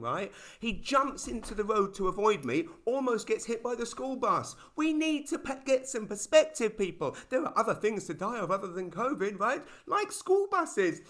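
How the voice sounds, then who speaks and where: A middle-aged man with a British accent performs stand-up over a video call. His pitch swings widely as he tells his stories, and he drops quick asides before loud punchlines. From Britain. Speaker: stand-up comedian. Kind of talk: stand-up routine.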